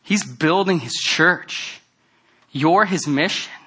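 A man preaching a sermon, talking casually and earnestly, then building to loud, emphatic stretches. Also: fairly high pitch, slow, breathy edge. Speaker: pastor.

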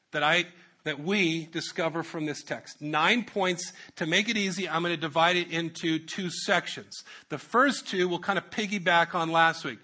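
A man's voice: on the high side, sharp tone. A male pastor preaching a sermon, joking with asides and repeating his key phrases.

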